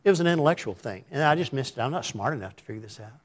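A man's voice: medium pitch, expressive, very fast. A middle-aged man preaching a conversational sermon in a folksy, rambling way, often putting questions to his listeners.

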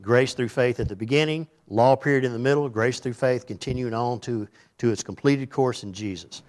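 A man's voice: mid-range voice, normal speed, few pauses, darkish tone. Man preaching in a conversational tone. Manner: conversational preaching, dramatic quoted voices. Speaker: pastor. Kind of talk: sermon.

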